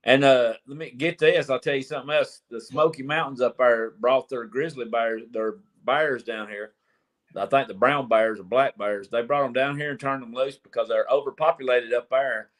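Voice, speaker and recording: A man's voice: medium pitch, fairly even intonation, moderate pace. A man with a Southern US accent hosting a casual group voice chat, telling folksy stories in a drawling way. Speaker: host.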